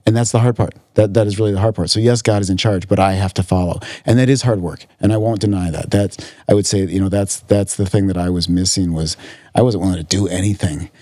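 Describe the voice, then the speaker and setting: A man's voice: low voice, fairly even intonation, fast talker, warm tone, dry recording, studio quality. A man as a podcast guest, talking earnestly in casual conversation and often repeating words as he searches for them. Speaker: podcast guest, physician in recovery.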